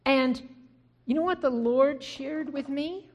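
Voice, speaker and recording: A middle-aged woman minister giving a personal testimony sermon, telling her story in an animated way and acting out remembered conversations. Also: sits high, slow. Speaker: Christian minister.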